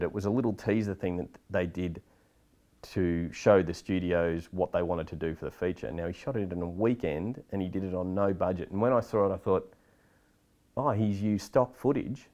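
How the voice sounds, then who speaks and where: A middle-aged man, talking bluntly and with energy in a casual interview about filmmaking. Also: low voice. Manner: blunt, animated, swears casually. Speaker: filmmaker guest.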